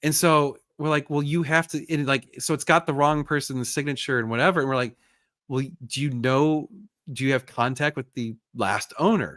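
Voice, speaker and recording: A man hosting a casual live chat, telling a story with lively bursts and frustrated sighs. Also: a little high, moderate pace, no room sound, studio quality. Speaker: host.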